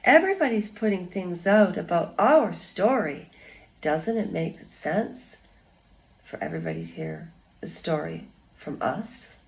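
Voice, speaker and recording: Woman doing a condescending woman, soft, slow, dismissive. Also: fairly low pitch, sing-song, poor audio. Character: smug, dismissive woman explaining herself.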